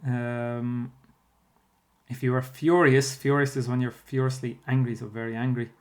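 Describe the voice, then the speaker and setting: A man's voice: medium pitch, little pitch movement, normal speed. A primary school teacher talks a class through a spelling workbook. He explains patiently and steadily, dropping in fillers as he thinks. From Ireland.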